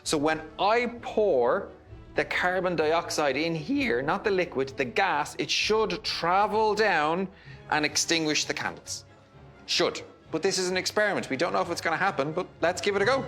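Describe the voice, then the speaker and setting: A man's voice: on the high side, normal speed, a bit bright, soft background music. A man demonstrating a science experiment for children, enthusiastic and explanatory. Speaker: science presenter.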